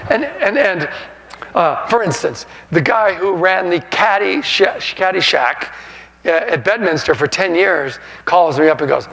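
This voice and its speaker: Man, 60s, humorous storyteller with a raspy voice and wide pitch swings, recorded with long hall echo. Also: a little slow, faint music behind. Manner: animated, laughs through his anecdotes. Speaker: sportswriter and author giving a talk. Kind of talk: humorous storytelling to a live audience. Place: lecture hall. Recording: reverberant hall sound.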